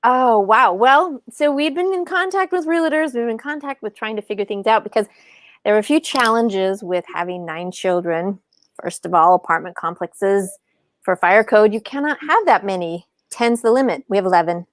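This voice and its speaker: Animated storytelling woman, dry sound. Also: normal speed, no echo. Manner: animated, acts out quoted dialogue in higher voices. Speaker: podcast guest, author and speaker. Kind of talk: casual storytelling.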